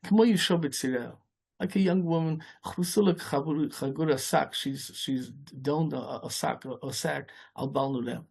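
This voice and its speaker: Gravelly-voiced rabbi giving a halting sermon. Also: male voice, fairly high pitch, a little mellow. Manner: rambling, halting delivery with many restarts, mixing Hebrew and Yiddish terms.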